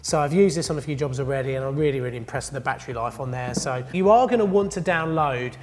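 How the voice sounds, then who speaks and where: A man's voice: mid-range voice, quick pace, long reverb tail. A man, a plumber, presenting a jokey, upbeat tool review vlog from his studio. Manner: upbeat and jokey, chatty asides. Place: indoor studio.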